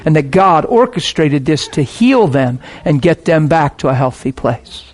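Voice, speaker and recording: A man's voice: fairly high pitch, a little slow. A middle-aged man, a pastor, preaching a sermon in a passionate, conversational way.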